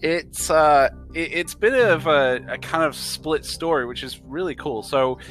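A man's voice: a little high, a little slow, fairly bright tone, faint music behind. A man guesting on a casual podcast call, playful and goofy, laughing often. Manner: playful and goofy, slips into silly voices and laughs a lot. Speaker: guest, cosplayer.

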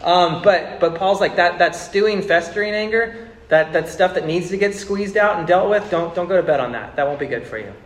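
A man's voice: high voice, fairly quick, echoey room. A man in his thirties preaching a sermon to a congregation, talking casually, repeating words and building to emphatic bursts. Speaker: pastor. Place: church sanctuary with congregation.

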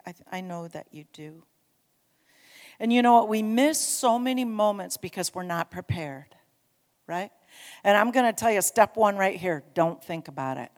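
A woman preaching a sermon, telling a story with animated emphasis and urging her congregation on. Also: medium pitch, big-room sound. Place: church sanctuary.

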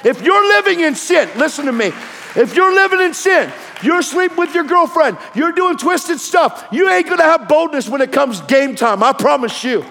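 A man preaching a fiery sermon, shouting and telling stories with acted-out quotes, in a large hall with an audience. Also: very high-pitched, expressive, moderate pace, vocal fry, slight background noise.

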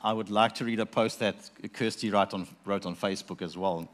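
A man's voice: on the low side, steady tone, brisk, in a large hall, a crowd in the background, background noise. A man hosting a casual interview, talking loosely with chuckles and often trailing off mid-sentence. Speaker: host.

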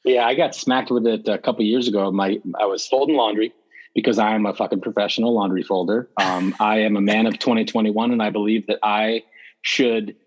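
A man with a low, husky voice talks as a guest on a casual interview show. He tells stories bluntly, with plenty of swearing and animated energy. The recording sounds a bit dull and lo-fi. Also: brisk. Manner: blunt, profane and animated storytelling. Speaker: podcast guest.

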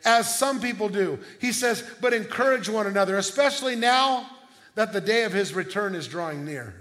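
High-voiced middle-aged male pastor preaching. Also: animated, fairly bright tone. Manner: conversational storytelling with quick restarts. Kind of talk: sermon.

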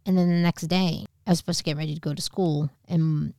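A woman's voice: on the low side, fairly even intonation, fast, few pauses, dark tone, dry recording, clean studio sound. A woman in her thirties casually telling a personal story on a podcast, candid and swearing, acting out the other people in it. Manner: candid, swearing, acts out quoted voices. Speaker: podcast co-host.

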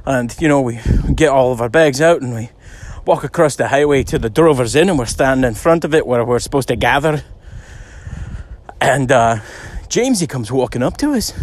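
A man's voice: medium pitch, expressive, moderate pace, a little hiss or hum. A middle-aged man telling a story in a rambling, chatty way while out on a walk outdoors. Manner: rambling, chatty, many "you know"s. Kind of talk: casual spoken storytelling.

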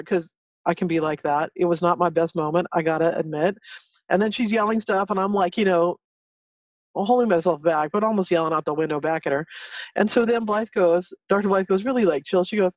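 A woman co-host telling a story in a brash, animated way, swearing freely. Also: mid-range voice, brisk, dry recording. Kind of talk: casual storytelling. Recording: dull, distant from the mic.

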